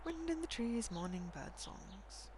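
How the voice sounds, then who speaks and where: Animated woman streaming a game. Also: on the high side, unhurried, noisy background. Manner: animated, reads game dialogue aloud, jokey asides. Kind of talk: casual gameplay commentary.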